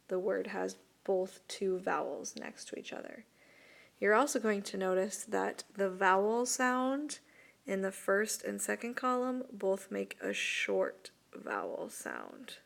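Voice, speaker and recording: A woman teacher speaks slowly and patiently as she records a video lesson. Her voice has a gravelly edge of fry, and she walks her students through each step. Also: medium pitch, lively intonation. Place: voice-over for an interactive whiteboard video.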